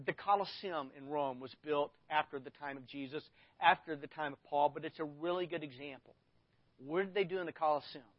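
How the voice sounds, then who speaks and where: Middle-aged male pastor, high voice, preaching with dramatic emphasis; dry, muffled lo-fi recording. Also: dry recording. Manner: animated, dramatic scripture reading with sudden loud bursts. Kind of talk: sermon.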